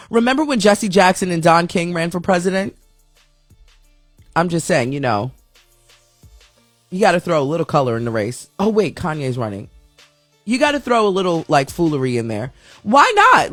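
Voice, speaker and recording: A man's voice: sits high, dry recording. Chatty rambling male show host. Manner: rambling, chatty, reads viewer chat aloud. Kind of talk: casual live-stream chat.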